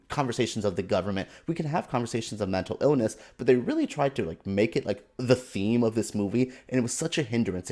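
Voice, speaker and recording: A man giving a casual, animated and exasperated opinion rant as a film commentator, with sarcastic asides. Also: mid-range voice.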